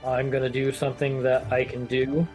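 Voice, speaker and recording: A man playing a tabletop game who talks in an animated, jokey way. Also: mid-range voice, normal speed. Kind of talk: casual game chat. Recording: faint music behind the voice.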